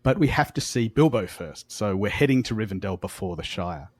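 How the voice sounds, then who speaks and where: An Australian man co-hosts a casual book podcast. He reads passages in a measured, even way and chuckles between points. The sound is dry and close. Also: lowish voice, no room sound. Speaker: podcast co-host.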